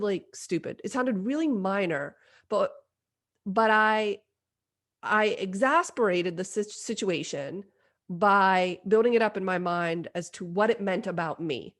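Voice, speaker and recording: Candid self-mocking woman podcaster. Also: medium pitch. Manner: self-deprecating, confessional, lively retelling. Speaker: podcast host. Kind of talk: candid personal storytelling.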